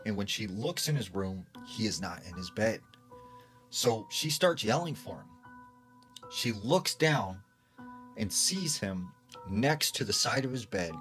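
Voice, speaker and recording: Man, low pitch, chatty storyteller of a creepy tale; faint music behind. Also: fairly bright tone. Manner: chatty, lots of "like" and "she's like". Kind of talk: casual spoken scary story.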